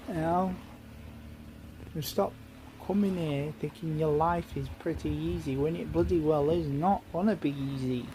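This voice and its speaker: Slow, heated man. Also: a little high, steady tone, warm tone, slight background noise, rough recording. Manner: heated, repetitive, swearing. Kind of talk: angry monologue rant.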